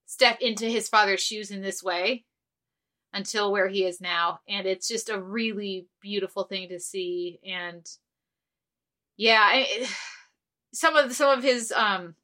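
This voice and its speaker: A woman's voice: medium pitch, slow, pushed and bright. A woman co-hosting a podcast in casual chat, rambling and earnest with lots of fillers and restarts. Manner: earnest, easily moved. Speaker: podcast co-host.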